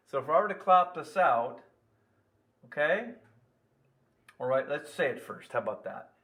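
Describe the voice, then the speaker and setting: A man's voice: medium pitch, sing-song, a little fast, noisy background. A man teaching a music lesson on video, playful and quizzing, chanting rhythm syllables as he counts beats.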